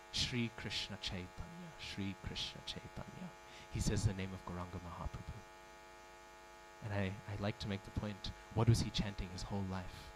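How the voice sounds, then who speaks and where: A man's voice: fairly low pitch, background noise. Man telling a devotional story in class. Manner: storytelling, asks the audience questions, acts out quoted speech. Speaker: speaker giving a scripture class. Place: temple hall.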